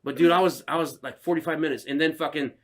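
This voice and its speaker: A young man casually telling a story on a podcast, swearing constantly and bursting into shouted insults as he acts out the other driver. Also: on the high side, fairly even intonation, fast talker. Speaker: podcast co-host.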